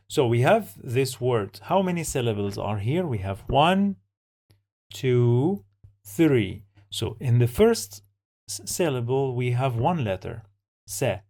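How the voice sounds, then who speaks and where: A man's voice: medium pitch, gravelly, mellow. A man teaching an Arabic reading lesson, repeating each word and syllable patiently while he explains every rule. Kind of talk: slow, patient language lesson.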